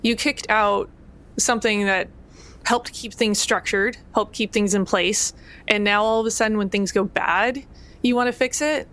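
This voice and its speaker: A woman's voice: mid-range voice, fairly even intonation, moderate pace, fairly bright tone, close to an everyday voice. A woman voicing a resentful, defiant female vampire who openly challenges the group's leaders. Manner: challenging, sarcastic.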